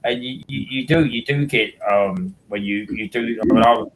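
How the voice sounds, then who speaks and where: A man's voice: medium pitch, moderate pace, a bit bright, poor audio. Rambling man chatting. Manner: rambling, repeats words and restarts. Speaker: host. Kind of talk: casual chat.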